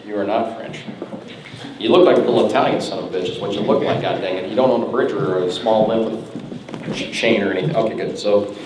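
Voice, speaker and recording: A man's voice: lowish voice, brisk. A man giving a joking, rambling roast speech at a birthday party, teasing his friends. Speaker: roast speaker. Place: party hall with a crowd. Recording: echoey hall, far from the mic, noisy.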